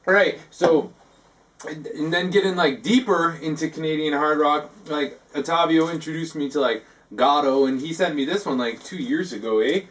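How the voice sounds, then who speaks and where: A man hosting a comic talk segment, rambling and halting, filling his talk with "like" and tacking on "eh". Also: a little high, a bit bright, distant mic. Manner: halting, full of "like" and tacked-on "eh". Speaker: host of a parody talk segment.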